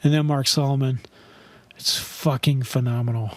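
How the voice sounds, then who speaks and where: A man's voice: mid-range voice, fairly even intonation, normal speed, no room sound. A man co-hosting a podcast in casual chat, chatty and rambling, swearing casually now and then. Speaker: podcast co-host.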